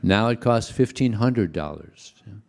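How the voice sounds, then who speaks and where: A man's voice: on the low side, animated, normal speed, darkish tone. An older man giving a devotional talk to a congregation, telling anecdotes in a chatty, conversational way. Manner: anecdotal, chuckling, conversational storyteller. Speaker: temple speaker.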